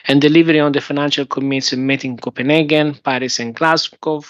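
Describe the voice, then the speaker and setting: A man with an Italian accent delivers formal closing remarks in a bright, forceful tone. His pitch stays flat and he stops often on fillers and restarts. The sound is dry and dull, like lo-fi conference audio. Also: clean tone, no room sound. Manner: halting, with many fillers and restarts. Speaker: UN representative giving closing remarks. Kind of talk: formal speech at a workshop.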